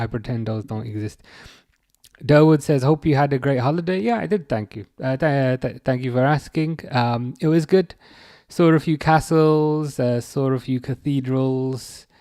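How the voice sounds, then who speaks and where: A man talks casually through a live football watchalong stream, reading viewers' messages out and replying. His speech is chatty and halting, with plenty of fillers and false starts, at a middling pitch. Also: a little mellow. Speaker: livestream host reading chat.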